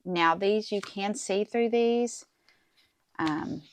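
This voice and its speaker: A woman's voice: mid-range voice, slow, a little hiss or hum. A middle-aged woman hosting a casual crafting tutorial at her desk, chatting to viewers as she works. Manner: chatty, talks to viewers while working, says "guys" and "okay?". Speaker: crafting channel host.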